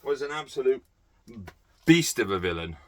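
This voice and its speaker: A man's voice: mid-range voice, big pitch swings, normal speed, a bit bright. A man vlogging about his movie collection in a casual, rambling way, blunt and sweary, with lots of ums and uhs. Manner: blunt, sweary, off-the-cuff with many fillers.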